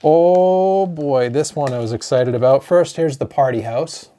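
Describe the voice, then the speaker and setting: A man, a board game designer chatting excitedly through an unboxing of his own game, openly emotional. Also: a little high, a little slow. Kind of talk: unboxing vlog.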